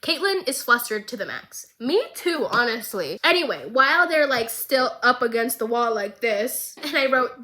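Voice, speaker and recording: A young woman vlogger recapping a show in a casual, excitable, rambling way, swearing freely. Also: high voice, a little slow, low-quality recording.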